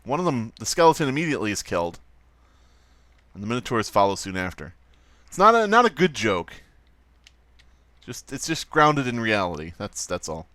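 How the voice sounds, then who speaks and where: A man's voice: mid-range voice, very animated, moderate pace, long pauses, sharp tone, no echo. A man hosting a let's play, giving rambling, profane, wry commentary over gameplay.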